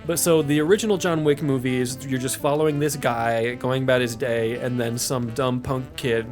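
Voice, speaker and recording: A man's voice: medium pitch, steady tone, moderate pace, soft background music. A man co-hosting a podcast, casually explaining film plots with fillers. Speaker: podcast co-host. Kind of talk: casual movie-review chat.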